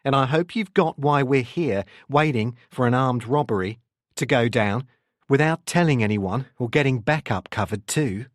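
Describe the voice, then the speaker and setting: A man's voice: medium pitch, moderate pace, no echo, studio quality, close to an everyday voice. A man voicing a doubtful, teasing female detective with a New Zealand accent in an audiobook. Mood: wary.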